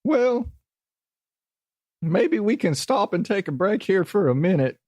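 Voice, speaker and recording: A gruff, theatrical male voice with a put-on Scottish-ish brogue, done by a podcast host, sitting higher than his everyday talk. It is recorded dry and close, and it rambles with manic showmanship. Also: moderate pace, no echo, close to an everyday voice.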